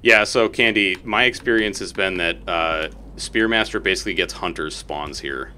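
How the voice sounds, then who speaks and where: A man's voice: sits low, moderate pace, a little hiss or hum. A man streaming a co-op video game, chatting casually, swearing and yelping when surprised. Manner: excitable, swears, yelps in surprise. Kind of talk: casual gaming chat.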